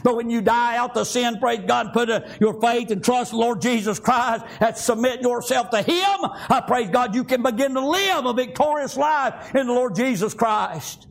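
A man preaching a fervent sermon, often breaking into shouts and filling his lines with "praise God" and "amen.". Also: extremely high pitch, moderate pace, creaky, few pauses.

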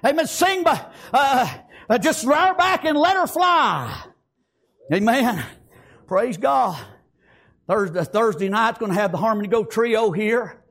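A man's voice: very high voice, lively intonation, unhurried, gravelly, fairly bright tone. An older male pastor preaching a fiery sermon in a folksy country dialect, breaking in with praise and amens.

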